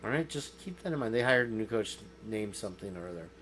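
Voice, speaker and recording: A man's voice: lowish voice, animated, fast talker, fairly bright tone, a little hiss or hum. A man hosting a casual podcast, rambling through stories and jokes and laughing often. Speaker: host.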